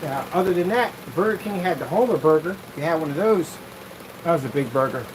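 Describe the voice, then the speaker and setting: A man rambling through a casual vlog while testing projection screen paint, animated, jokey and full of tangents. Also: a little high, a little fast, noisy background.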